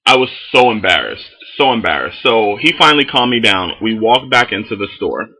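Give me a young man with a very bright, husky voice, ranting through a story on his vlog. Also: lowish voice, brisk, poor audio. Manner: animated, heavy swearing, lots of fillers. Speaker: vlogger.

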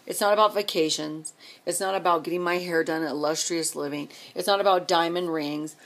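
A woman's voice: on the low side, fairly even intonation, fairly quick, a bit bright. A middle-aged woman venting on her vlog in an exasperated rant, firing off rhetorical questions and repeating herself. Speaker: vlogger. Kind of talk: emotional rant to camera.

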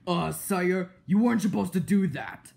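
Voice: medium pitch, lively intonation, moderate pace, vocal fry, darkish tone. A performer voicing a smug male pig scientist with a British accent, lecturing in a snide tone for a fan cartoon. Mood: explaining. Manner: lecturing, patient but snide. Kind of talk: fan-made cartoon voice acting.

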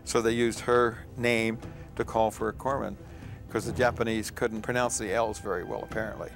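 A man's voice: fairly low pitch, flat delivery, moderate pace, vocal fry, a bit bright, soft background music. An older man recounting wartime memories in an interview, in a plain storytelling manner. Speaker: war veteran interviewee.

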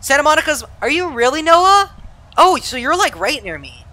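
Lively young Southern Californian streamer. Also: high-pitched, moderate pace. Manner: chatty, reads and answers live chat while flying; laughs easily, self-deprecating. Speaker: flight sim streamer. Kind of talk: casual live-stream chat.

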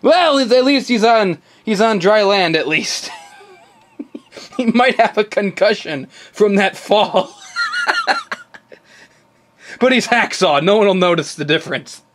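A woman's voice: mid-range voice, expressive, slow pace, long pauses, a little hiss or hum. A woman YouTuber giving playful, crude play-by-play narration of a comedic toy skit.

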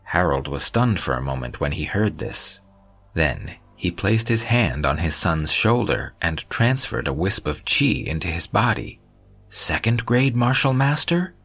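Male audiobook narrator, steady storytelling, husky, quiet music behind. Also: a bass voice, measured pace. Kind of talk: scripted narration. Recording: soft background music.

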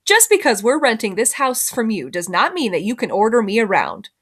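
A woman's voice: sits high, lively intonation, normal speed, a bit bright, pitched above the performer's own voice. A woman voicing a proud, prim city mother who talks down to others. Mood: haughty. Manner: haughty, condescending.

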